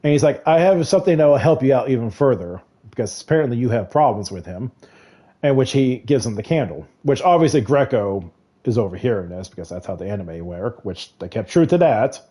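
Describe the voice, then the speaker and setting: Man with lively, dark voice. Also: medium pitch, fairly quick. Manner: rambling retelling with quoted lines and laughs. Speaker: streamer recapping a novel. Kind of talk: casual chat while gaming.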